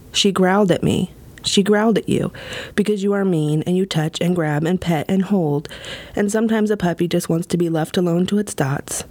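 A woman performing her own spoken-word poem in a wry, deadpan, measured way. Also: on the low side, no echo. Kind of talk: spoken-word poetry reading.

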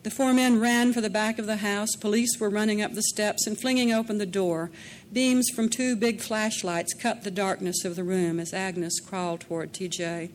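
A woman's voice: medium pitch, steady tone, moderate pace, slight background noise. Woman narrating a dramatic audiobook.

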